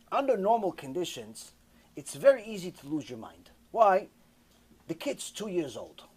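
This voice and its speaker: Here a rabbi delivers a story within his sermon, his male voice pitched high. He repeats himself with animation and plays out the conversation personally.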